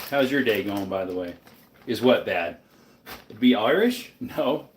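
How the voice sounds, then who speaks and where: Cooking breakfast in his home kitchen, a live streamer chats sleepily and rambles to his viewers. His fairly low voice comes with background noise, picked up by a distant mic in the roomy kitchen.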